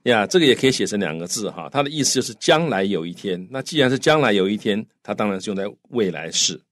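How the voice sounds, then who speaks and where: Man, lowish voice, chatty, filler particles, dry close mic. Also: lively intonation, fast talker, dry recording. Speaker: co-host explaining in Mandarin. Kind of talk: bilingual language lesson.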